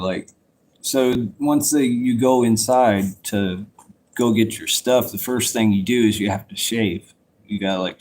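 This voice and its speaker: Fairly low and somewhat mellow, a man's voice comes through with a bit of hiss or hum as he vlogs about his life. The story is rambling and profane, told loosely and conversationally while he circles back on himself.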